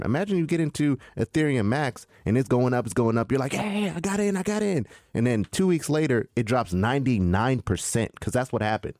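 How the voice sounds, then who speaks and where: A man co-hosting a crypto chat, preachy and animated. His pitch swings widely as he acts out other people's panicked questions. Faint music plays underneath. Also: no room sound. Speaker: crypto podcast co-host. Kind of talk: casual chat.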